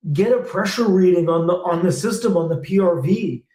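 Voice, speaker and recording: A man's voice: sits high, moderate pace, dark tone. Fired-up, swearing man in echoey room. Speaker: host and former technician. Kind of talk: live Q&A rant.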